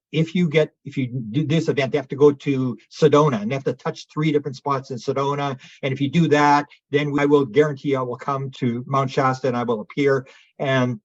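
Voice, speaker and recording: With a slightly mellow, breathy, medium-pitched voice, this male interview guest, a UFO researcher, recounts a long story full of energy. He performs quoted witnesses in raised voices, and the lo-fi audio carries no echo.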